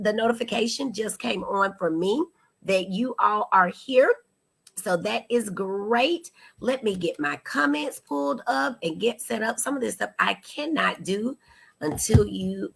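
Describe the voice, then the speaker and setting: A woman hosting a live-stream talk show from a studio, animated and chatty as she greets viewers by name. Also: mid-range voice, vocal fry, breathy edge. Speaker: host.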